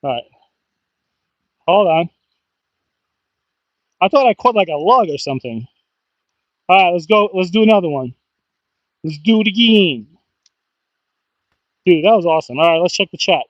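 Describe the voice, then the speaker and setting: A man chatting casually on a fishing livestream outdoors, excitable and talkative, often bursting into whoops and laughs. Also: high voice, moderate pace, pauses often, dry recording, dull audio. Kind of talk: casual live-stream chat. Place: outdoors by the water.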